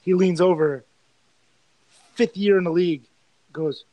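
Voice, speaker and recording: A man's voice: high voice, measured pace, dry recording, dull audio. A man hosting a casual sports podcast, swearing freely and telling stories with animation. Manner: profane, animated storytelling. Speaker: podcast host.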